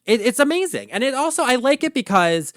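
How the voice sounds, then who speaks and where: A man hosting a podcast, ranting about pop culture in an animated, profane, gossipy way. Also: extremely high pitch, a little fast, no room sound, studio quality. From Baltimore area, USA. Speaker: podcast host. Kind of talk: casual pop-culture rant.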